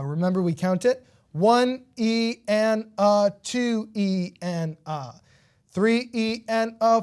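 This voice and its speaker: A woman with a warm, mid-range voice leads a beginner ukulele lesson, counting beats aloud. She is patient and encouraging, often checking in with her students by asking "okay?"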